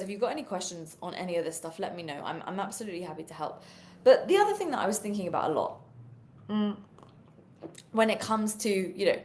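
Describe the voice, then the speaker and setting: A young British woman talking to viewers on a live stream, energetic and chatty, with plenty of fillers as she coaches on social media sales. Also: medium pitch.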